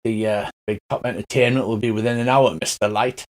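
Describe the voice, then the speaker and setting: A man voicing a stocky, gruff male elf who speaks in short, curt words. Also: lowish voice, fairly even intonation, fairly quick, voice pushed down, natural voice.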